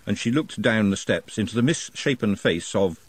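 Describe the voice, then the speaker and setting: A man narrating an audiobook in an expressive, wry manner, recorded close to the mic. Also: on the low side, normal speed, husky, no room sound. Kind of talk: scripted narration.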